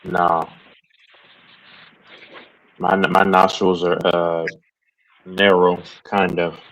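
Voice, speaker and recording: Low-voiced man in rambling stream chat. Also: little pitch movement, extremely slow, a bit bright, a little hiss or hum, poor audio. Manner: rambling, joking, reads and answers chat. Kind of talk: casual live stream chat.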